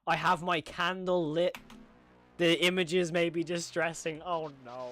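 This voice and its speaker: Young male horror reaction streamer, fairly high voice, excitable, talkative, reacts loudly. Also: a little slow, faint music behind. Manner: excitable, reacts aloud with repeated exclamations; chatty, answers viewer questions. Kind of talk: live reaction commentary.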